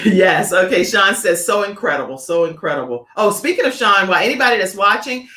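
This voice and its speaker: A woman's voice: mid-range voice, expressive, fairly quick. Middle-aged lady hosting a talk show, gushing and chatty, kinda echoey room. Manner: warm, effusive, reads viewer comments aloud. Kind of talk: casual chat.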